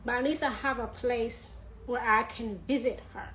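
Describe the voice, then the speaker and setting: A woman in her thirties talking earnestly in a personal vlog, repeating her points and laughing softly now and then. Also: on the high side, fairly even intonation, moderate pace, slight background noise, low-quality recording. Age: 30s. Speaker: vlogger.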